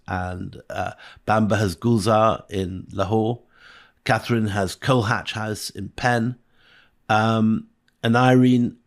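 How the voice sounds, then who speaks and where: A man co-hosting a history podcast in a measured, dryly wry manner. His low voice has a gravelly edge. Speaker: podcast co-host.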